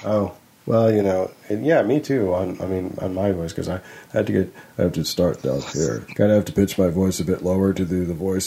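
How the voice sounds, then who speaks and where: A man's voice: low-pitched, brisk, gravelly, few pauses, dark tone, slight background noise. A man co-hosting a podcast in casual chat, rambling and correcting himself. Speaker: podcast co-host.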